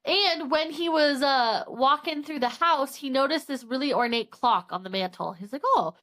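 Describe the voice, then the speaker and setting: High-voiced young woman recapping a thriller. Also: moderate pace. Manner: animated, acts out characters' lines, swears casually. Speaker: podcast co-host. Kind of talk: casual book recap chat.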